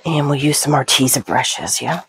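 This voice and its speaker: A low-pitched woman with a Southern US accent talks her way through a craft project, chatty and musing aloud, sometimes dropping to mumbled asides. A faint hiss of background noise sits under her voice. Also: normal speed, vocal fry. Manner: chatty, talks to herself while working, some mumbled asides. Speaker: crafting channel host. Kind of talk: casual crafting commentary.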